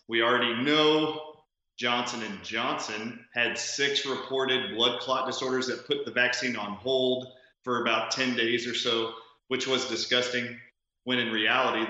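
A man's voice: medium pitch, sharp tone. A man as a guest on a talk show, earnestly explaining news. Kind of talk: interview answers. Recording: very echoey remote line, dull sound.

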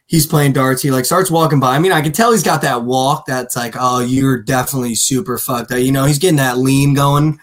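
A man's voice: mid-range voice, steady tone, brisk, few pauses. Casting: young male podcast co-host, loose and rambling, mid-range voice. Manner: rambling storyteller, lots of "like" and "dude". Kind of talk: casual sports betting chat.

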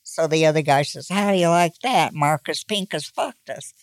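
A woman in her nineties, a grandmother slowly telling old jokes in a folksy, casual way. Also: low-pitched, no echo. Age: 90s. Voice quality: creaky. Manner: slow, folksy joke delivery with voiced characters.

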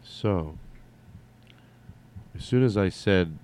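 A man's voice: deep voice, fairly even intonation, moderate pace, pauses often, a little mellow, slight background noise. Rambling, chatty man talking alone. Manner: digressive, chatty, swears casually, many fillers. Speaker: vlogger. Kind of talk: rambling solo monologue.

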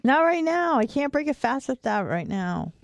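A woman chatting on a podcast in a dry, matter-of-fact way. Her pitch moves around a lot. Faint noise sits under her voice. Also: sing-song, normal speed, gravelly. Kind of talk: casual chat.

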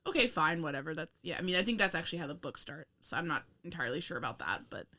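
Bright-voiced woman chatting sarcastically. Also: low voice, animated, racing. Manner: rambling, laughing, profane, sarcastic. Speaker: podcast co-host. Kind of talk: casual film review chat.

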